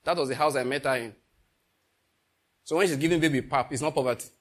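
A middle-aged Nigerian man preaching a sermon, telling stories and slipping into pidgin, moving between loud and hushed delivery. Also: medium pitch, fast talker. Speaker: pastor. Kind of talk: sermon with storytelling.

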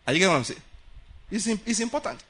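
Bright, husky-voiced man preaching. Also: sits high, very fast. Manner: animated preaching, mimics voices, laughs often. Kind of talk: sermon.

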